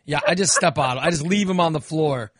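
A man hosting a podcast, exhausted and telling a casual story in an animated way, swearing and acting out what he said. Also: on the high side, brisk, a crowd in the background. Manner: animated, swears, acts out his own quotes. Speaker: podcast host.

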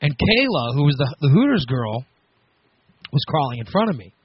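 A man hosting a radio show, telling a story on air in a casual, animated, self-mocking way with frequent laughs. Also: fairly high pitch, moderate pace, slightly rough, dry recording, muffled recording. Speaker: radio host.

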